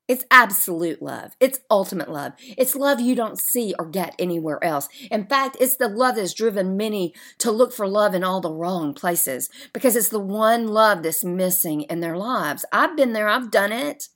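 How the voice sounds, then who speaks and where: A woman hosting a faith podcast, talking in an emphatic, heartfelt monologue that sometimes drops to soft murmurs. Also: mid-range voice, expressive, moderate pace, few pauses. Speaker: podcast host.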